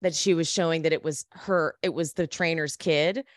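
A woman's voice: sits low, normal speed, no room sound, clean studio sound. A woman podcast host casually recapping a TV show, animatedly acting out the characters' lines. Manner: animated, acts out quoted characters.

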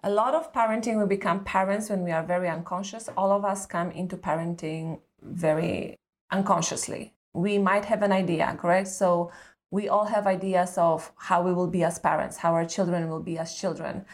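A woman's voice: lowish voice, fairly even intonation, moderate pace. A middle-aged woman speaking as a parenting expert guest in an earnest, conversational coaching manner, often checking in with "correct?" and "right?".

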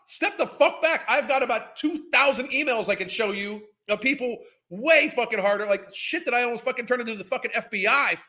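High, bright-voiced man ranting profanely. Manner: profane, exasperated, incredulous ranting. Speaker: podcast host reacting to clips. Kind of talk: ranting commentary.

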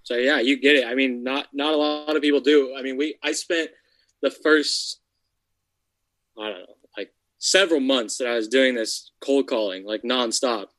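A man's voice: mid-range voice, normal speed, fairly bright tone, poor audio. A man who buys houses, talking bluntly and casually with plenty of swearing. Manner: blunt, profane, conversational. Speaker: real estate investor. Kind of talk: casual podcast chat.

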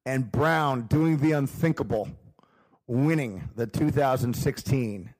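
A man's voice: medium pitch, darkish tone. Easygoing male podcast co-host. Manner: easygoing, agreeable, quick to chime in. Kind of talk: casual sports podcast chat.

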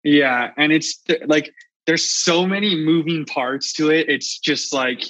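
A man's voice: fairly high pitch, unhurried, a bit bright, no room sound. A man who produces music, a guest on a podcast, rambling casually with lots of filler and losing his thread. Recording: dull dry lo-fi sound.

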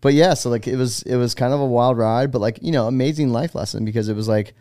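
A man's voice: medium pitch, fairly even intonation, fast talker, dark tone, no room sound, clean studio sound. A man in his forties from the United States, a guest on a casual interview podcast, telling stories in a rambling, laid-back way full of fillers. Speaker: guest, pro BMX rider.

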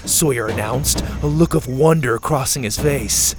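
A man reading a scripted children's adventure story as the show's storyteller, in an even, measured way. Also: mid-range voice, over music.

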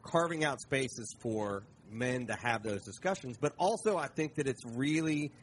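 A male podcast host talks in a reflective, casual way and keeps affirming his guest. His pitch sits in a middle range, with faint background noise. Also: lively intonation, moderate pace. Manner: reflective, frequent agreeing backchannels. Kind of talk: casual interview conversation.

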